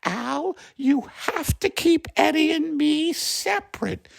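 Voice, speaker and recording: A hoarse man voicing a fretful, nagging middle-aged housewife in a comedy sketch, with a gravelly voice. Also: very high-pitched, slow pace, no echo, exaggerated voice. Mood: chiding, chatty. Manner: lively, nagging, talks over her husband. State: hoarse from bronchitis.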